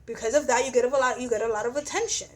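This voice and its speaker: A woman's voice: fairly high pitch, steady tone, very fast. A young woman giving a casual astrology reading, blunt and profane, often repeating "you know what I'm saying.". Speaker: astrology reader.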